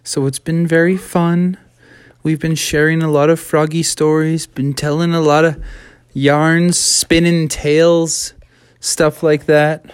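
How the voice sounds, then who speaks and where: A podcast storyteller reading a children's story in a relaxed, rambling way with fillers. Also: mid-range voice, slow, smooth, no room sound, studio quality.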